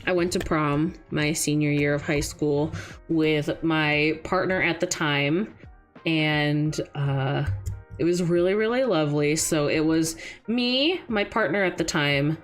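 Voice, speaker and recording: A young woman streaming casual chat, an animated storyteller who laughs often. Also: low-pitched, takes it slowly, soft background music.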